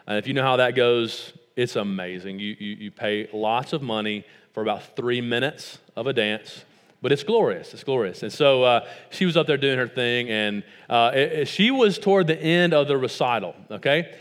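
A man's voice: mid-range voice, normal speed, long reverb tail. A man in his thirties with a West Tennessee accent, preaching a sermon with stories and rhetorical questions that build to emphatic points. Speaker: pastor.

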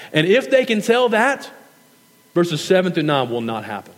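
A man preaching a sermon earnestly, repeating key phrases for emphasis and slowing down to stretch important words. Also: on the high side. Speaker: pastor. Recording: long hall reverb.

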